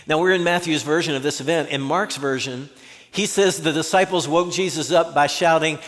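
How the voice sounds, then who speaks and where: High-voiced man preaching in a hall. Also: fairly even intonation, moderate pace, a bit bright. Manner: conversational, acts out quoted voices. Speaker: pastor. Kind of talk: sermon.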